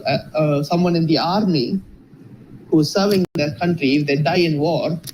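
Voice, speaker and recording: A man answering in a live debate, measured and a little hesitant, often pausing on fillers as he builds his argument. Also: a little high, a little mellow, rough recording. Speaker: debate participant. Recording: noticeable background noise.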